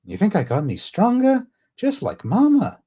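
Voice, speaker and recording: A man voicing a seven-year-old princess in a strained high falsetto. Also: huge pitch swings, moderate pace, warm tone, slightly rough, exaggerated voice. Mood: eager. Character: little princess girl, age seven, eager.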